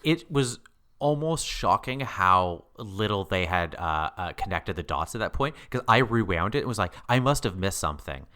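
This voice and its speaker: Animated man with lively swings. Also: moderate pace, clear, resonant tone. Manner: animated, laughing often, voice jumps high when quoting himself. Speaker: podcast co-host. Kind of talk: casual chat.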